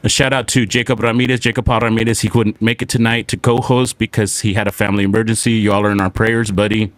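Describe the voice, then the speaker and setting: A young man from South Texas with a slight twang, hosting a casual live show and reading out viewer shout-outs. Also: fairly low pitch, level tone, quick pace, no echo. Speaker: show host.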